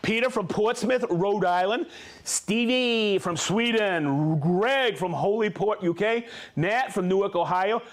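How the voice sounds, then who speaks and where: A man hosting a live tool show in casual chat, upbeat and laughing often as he reads out viewer shout-outs. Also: high-pitched, unhurried.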